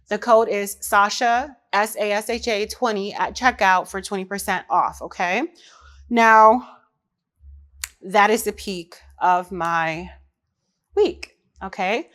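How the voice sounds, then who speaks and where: A woman's voice: medium pitch, normal speed. Chatty woman hosting her own podcast. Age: adult mother. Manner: lively, talks straight to women listeners. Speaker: podcast host. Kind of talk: casual chat.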